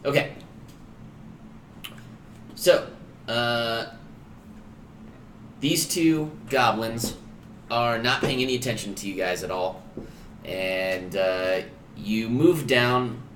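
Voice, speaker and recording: Man, game master, tabletop game, bright tone, relaxed filler-heavy narration, roomy echo. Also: lowish voice, a little hiss or hum. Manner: loose, filler-heavy, chuckling. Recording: echoey room.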